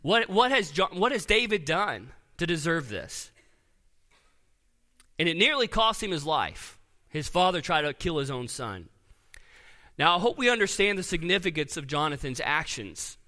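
Bright-voiced man preaching in a reverberant hall. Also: fairly high pitch, very animated, normal speed. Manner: earnest preaching, reads scripture aloud, drops soft on key words. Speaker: pastor. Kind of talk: sermon. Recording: long reverb of a large hall.

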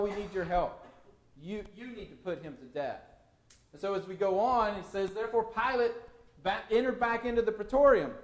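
Lively high-voiced male preacher, echoey room. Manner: animated, questioning the listeners. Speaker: pastor. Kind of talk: expository sermon.

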